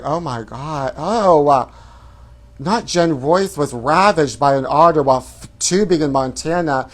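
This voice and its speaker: Flamboyant campy gossip host, man. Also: fairly high pitch. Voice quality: flamboyant, theatrical, calls viewers honey. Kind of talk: campy celebrity gossip commentary.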